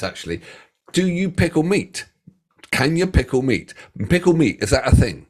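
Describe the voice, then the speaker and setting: A man with an English accent co-hosting a reaction video, bantering and teasing in a casual, animated way. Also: a little high, moderate pace, breathy edge. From England. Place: home studio.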